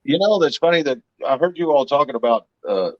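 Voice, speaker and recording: A man's voice: fairly high pitch, expressive, quick pace, no room sound, lo-fi sound. A man, a comedy hypnotist, telling jokes and stories in casual chat as a guest. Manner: wisecracking storyteller.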